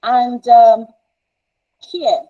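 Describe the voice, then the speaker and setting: A woman's voice: on the high side, steady tone, drawn-out words, dull audio. A woman counsellor teaching parents in an informal, emphatic way, often repeating herself and checking in with "right?".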